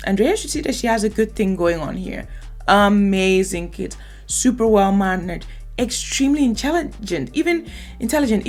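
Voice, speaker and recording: A woman hosts a reaction video with a gravelly, creaky voice at a middle pitch. She comments in an emphatic, opinionated way, with faint music behind her. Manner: emphatic, opinionated, lively asides.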